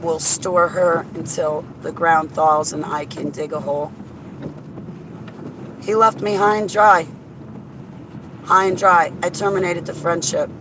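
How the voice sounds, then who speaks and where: A woman's voice: fairly low pitch, fairly even intonation, a little slow, long pauses. A woman chatting casually while driving, rambling to herself and greeting viewers by name. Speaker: vlogger. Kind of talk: casual driving vlog chat. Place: inside a car on a highway. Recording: road and wind noise in a car.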